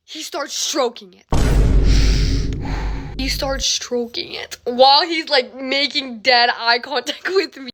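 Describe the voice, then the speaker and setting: A young woman telling a casual story, animated and dramatic, full of fillers, dropping into whispers and jumping to shrieks. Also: sits high, normal speed.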